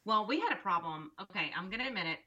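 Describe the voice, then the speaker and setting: Woman, bright tense voice, expressive storyteller, muffled lo-fi sound. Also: mid-range voice, fast. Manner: expressive, acts out quoted dialogue. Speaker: podcast co-host and mother. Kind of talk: casual chat, animated storytelling. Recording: dull lo-fi recording.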